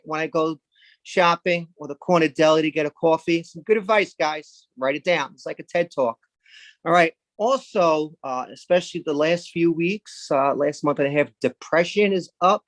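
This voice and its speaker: A man from Brooklyn, doing a rambling, deadpan stand-up set. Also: fairly high pitch, normal speed, no echo. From Brooklyn, New York. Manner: rambling, deadpan, with sudden loud jumps into put-on voices. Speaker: stand-up comedian.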